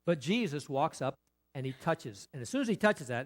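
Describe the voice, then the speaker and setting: A man's voice: a little high, big pitch swings, a little fast. A male pastor preaching a sermon in a conversational way, with rhetorical questions, repetition and frequent restarts.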